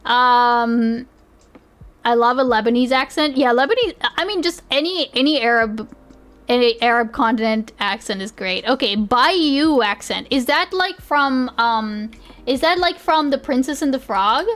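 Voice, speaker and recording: Giggly high-voiced woman streamer. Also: animated, measured pace, fairly bright tone. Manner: giggly, rambling, full of fillers. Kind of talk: live stream reaction commentary.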